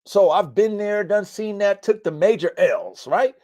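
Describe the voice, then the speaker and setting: A man who breeds dogs hosts a relaxed live-stream podcast about them from his mountain home. His high, darkish voice is expressive and unhurried, and he talks bluntly and preachily, cursing a lot and repeating points for emphasis.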